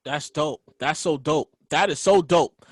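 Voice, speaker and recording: A man hosting a casual podcast interview, excitable, swearing freely and repeating his phrases. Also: on the high side, unhurried, dry recording, clean studio sound. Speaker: podcast host.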